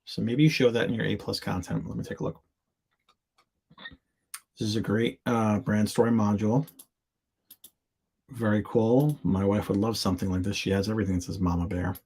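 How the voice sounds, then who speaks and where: A man's voice: fairly low pitch, steady tone, normal speed, gravelly, long pauses, a little mellow, slightly rough. A man hosting a live show, reading viewers' product listings aloud in fragments and giving candid, chatty feedback with asides and jokes. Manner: reads on-screen text aloud in fragments. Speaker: host reviewing product listings.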